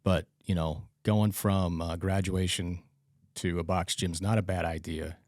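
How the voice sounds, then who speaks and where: Male podcast host, very low voice, dry close sound; rambling, chatty delivery. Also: fairly even intonation, a little slow, a little mellow, no echo. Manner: rambling, restarts and acts out quoted exchanges. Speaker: podcast host and trainer instructor. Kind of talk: casual chat.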